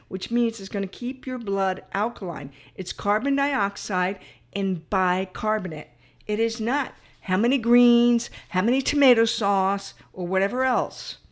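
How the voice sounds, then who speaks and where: A middle-aged woman, a nutrition coach, talking casually to camera in a chatty, animated way, often checking in with "all right?" and laughing at herself. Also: a little high.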